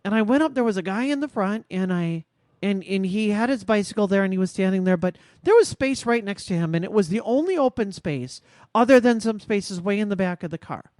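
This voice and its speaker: A woman's voice: medium pitch, expressive, a little mellow, no echo, studio quality. Earnest, reflective woman podcast host. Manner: reflective storytelling, measured and earnest. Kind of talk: casual podcast conversation.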